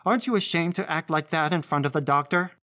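A severe, anxious mother scolding her child in a storybook reading, put on by a man with his voice lifted higher. The sound is dry and close. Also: fairly even intonation, a little fast, fairly bright tone, dry recording, natural voice. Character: anxious scolding mother, middle-aged woman.

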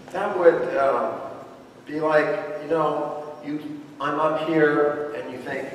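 Emphatic male pastor, unhurried delivery, distant pickup in a reverberant church. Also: a little high, steady tone, a little hiss or hum. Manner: emphatic, asks congregation questions. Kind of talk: sermon. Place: church sanctuary. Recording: echoey church hall from far off.

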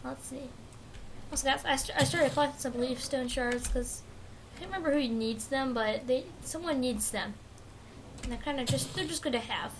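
A young woman commentating her own Pixelmon let's play, rambling casually and bursting into excited shrieks. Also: sits high, moderate pace, a little hiss or hum. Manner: chatty, swings from mumbling to excited shrieks. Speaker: gaming YouTuber.

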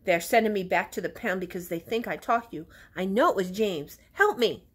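A woman voicing an eager, earnest little male dog from a children's storybook, crying out in a high, shrieking voice. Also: normal speed, breathy edge, close to an everyday voice. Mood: pleading urgent.

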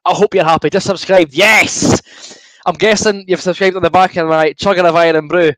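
High-voiced Scottish man reading chat. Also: dry recording, rough recording. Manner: chatty and good-humoured, reads out comments and answers them. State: queasy from drinking fizzy juice. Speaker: livestream host. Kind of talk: casual watchalong chat, reading viewer comments.

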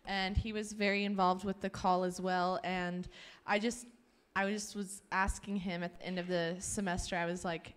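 A woman's voice: fairly low pitch, flat delivery, normal speed, clear, resonant tone. Young woman student, casual and chatty, lots of "um" and "like". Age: young adult. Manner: casual, chatty, many fillers like "um" and "like". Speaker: Bible college student. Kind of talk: casual testimony.

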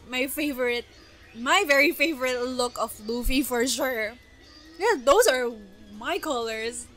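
A young woman reacting to an anime episode, gasping, laughing and exclaiming in bursts of excitement. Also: high voice, a little slow.

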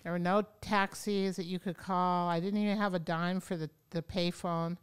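A woman yoga teacher telling stories as an interview guest, animated and acting out the voices of people she quotes. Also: fairly low pitch, normal speed, clean tone. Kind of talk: storytelling in an interview. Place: podcast studio.

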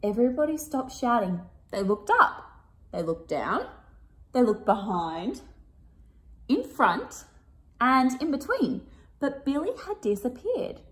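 A woman reading a picture book aloud to children, expressive and chatting to her young listeners in between. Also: fairly high pitch, takes it slowly, long pauses.

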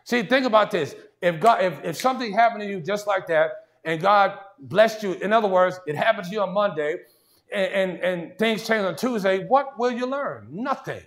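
A man's voice: high-pitched, lively intonation, moderate pace, a bit bright. Man preaching a casual, conversational sermon. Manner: conversational preaching with repeated "see" and "watch this"; frequent restarts and stammered repeats.

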